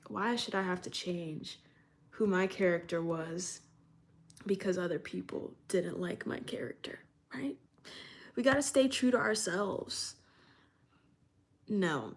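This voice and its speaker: A young woman from New York chatting casually on a live stream, reading out chat and laughing often. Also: mid-range voice.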